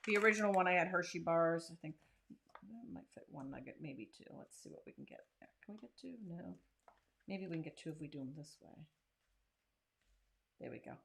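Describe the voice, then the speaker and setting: A woman's voice: fairly low pitch, expressive, brisk, vocal fry, long pauses, fairly bright tone. A woman hosting a casual crafting tutorial, chatting and joking while she works. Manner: chatty and self-deprecating, talks while working. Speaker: craft channel host.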